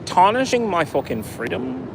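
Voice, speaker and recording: A man tells a story in a profane, sarcastic rant, his voice sitting a little high. He is outdoors in a city, with faint street noise under the recording. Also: big pitch swings, normal speed. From United States. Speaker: vlogger. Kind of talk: casual ranting storytelling.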